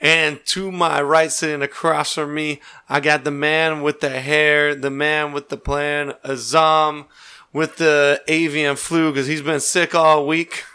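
A man's voice: fairly high pitch, little pitch movement, slow, bright, forceful tone, clean tone. A man hosting a podcast in casual banter, joking and teasing his friends. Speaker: podcast host.

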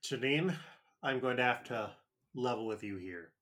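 Bright-voiced joking male podcast host. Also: medium pitch, lively intonation, moderate pace. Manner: enthusiastic, joking, prone to profanity. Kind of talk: casual comedic chat.

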